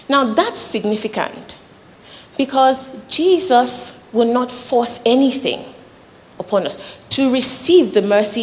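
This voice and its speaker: A woman giving an earnest, conversational sermon, teaching scripture with lively acted asides. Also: on the high side, long reverb tail. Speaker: preacher.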